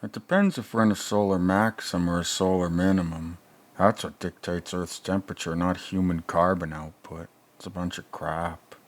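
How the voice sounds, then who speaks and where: A man's voice: sits low, steady tone, moderate pace, close to an everyday voice. A man playing a crude, rambling older male movie reviewer who mutters sarcastic asides in a comedic reaction commentary.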